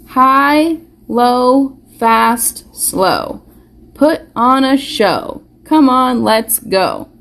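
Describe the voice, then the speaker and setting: A woman teaching a live online phonics lesson to young children, slowly sounding out words and praising them warmly. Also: on the high side. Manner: slow, encouraging, sounds words out carefully. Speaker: preschool teacher. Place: school or home classroom, live stream.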